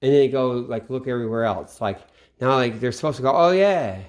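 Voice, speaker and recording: A man's voice: medium pitch, steady tone, fast. Middle-aged man, mid-range voice, rambling late-night talker, profane, drifts into mutters. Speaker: channel host. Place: home at night.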